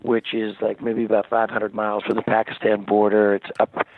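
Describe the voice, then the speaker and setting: A man, a rock singer as interview guest, telling stories in a rambling, animated way with many restarts, over the phone. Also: fairly low pitch, a little fast, no room sound. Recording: tinny dry phone line.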